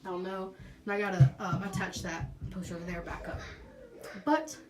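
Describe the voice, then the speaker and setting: A woman's voice: medium pitch, flat delivery, normal speed, crowd noise. A young woman in her late teens giving a bubbly, sassy tour of her bedroom, her nose stuffed up so she breathes hard. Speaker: beauty vlogger. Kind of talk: casual room tour chat.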